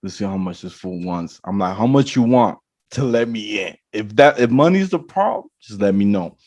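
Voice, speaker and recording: A podcast host casually tells a long story, animatedly acting out the people and dialogue in it. His voice is fairly low, at normal speed, with no echo.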